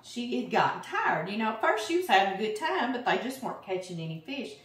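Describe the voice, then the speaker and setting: A middle-aged woman with a Louisiana accent, hosting a cooking video and telling a long, sarcastic family fishing story in a chatty, animated way. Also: a little high, a little fast. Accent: Southern US, Louisiana. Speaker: cooking channel host. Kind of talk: casual storytelling while cooking. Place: home kitchen. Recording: roomy kitchen, mic at a distance. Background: chopping and kitchen clicks.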